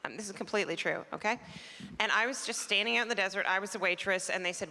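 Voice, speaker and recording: A middle-aged Canadian woman performs stand-up on a performing arts center stage, speaking quickly in a mid-range, bright, forceful voice. Chatty and self-deprecating, she acts out characters, picked up by a stage microphone in a live theater with long reverb.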